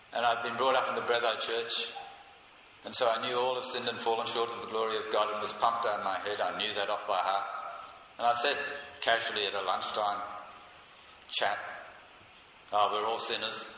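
An older man preaches with earnest emphasis, slowing down to stress his points. His voice is very bright and forward. He is recorded in a big echoing hall with long reverb and a faint ambient hum. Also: on the low side. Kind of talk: sermon. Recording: echoey hall, heard from a distance.

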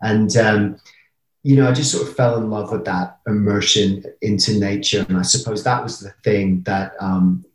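English man with deep, roomy voice. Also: fairly even intonation, moderate pace. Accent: southern English with American r. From England. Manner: laughs often, self-deprecating, reflective. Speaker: travel writer guest. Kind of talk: casual interview. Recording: roomy echo.

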